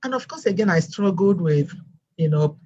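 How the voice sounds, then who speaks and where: A woman with a non-American English accent, telling her story as a guest teacher in a lively storytelling way. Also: lowish voice, moderate pace, slightly rough, muffled recording. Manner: animated storyteller, acts out quoted voices. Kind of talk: storytelling interview chat.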